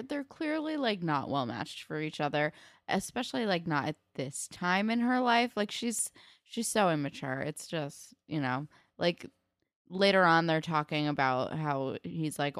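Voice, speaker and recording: Low-voiced chatty woman, dry sound. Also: dry recording. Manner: chatty, swears casually, acts out quotes. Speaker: podcast co-host. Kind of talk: casual TV recap chat.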